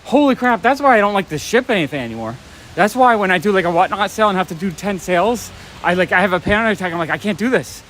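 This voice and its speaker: A New man with a fairly high voice rambles casually as he walks and streams from his phone. He sounds a little short of breath at times. Faint street traffic hums behind him outdoors. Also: animated, fast talker, fairly bright tone. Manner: rambling, talks while walking, out of breath at times. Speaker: comic shop owner vlogger. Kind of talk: casual live-stream walk and talk. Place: outdoors on a rainy city street at night.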